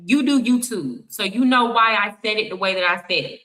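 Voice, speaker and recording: Texan woman streamer being blunt and sassy, kinda sharp bright voice, talking right at her chat. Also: mid-range voice, a little fast, rough recording. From Texas. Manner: blunt, sassy, talks straight to viewers. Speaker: streamer reacting to clips. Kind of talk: live reaction commentary.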